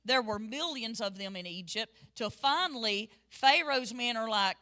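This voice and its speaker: A middle-aged woman teaching Sunday school in a sermon style, telling stories in a lively way that swings between loud and soft. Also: a little high, moderate pace.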